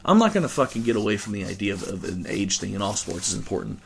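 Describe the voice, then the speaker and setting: A man's voice: fairly low pitch, sing-song, fast, vocal fry, breathy edge. A male host giving a casual reaction rant about a fight, rambling and swearing with lots of fillers and restarts.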